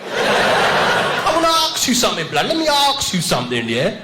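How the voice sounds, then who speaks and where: A man's voice: sits high, huge pitch swings, moderate pace, a loud crowd, heavy background noise, pitched above the performer's own voice. A man putting on the voice of a pushy young male street kid, insistent with clipped slang.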